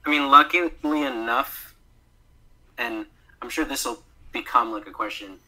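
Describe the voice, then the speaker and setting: Very bright, chatty male voice actor. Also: mid-range voice, measured pace, poor audio. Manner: chatty, laughs often, fills with "like". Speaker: guest voice actor. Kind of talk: casual podcast chat.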